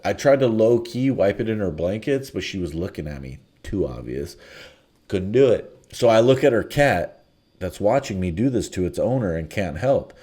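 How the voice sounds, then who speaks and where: A man's voice: fairly low pitch, expressive, moderate pace, a little mellow. A man telling a crude comedic story in a blunt, offhand way, with bored asides.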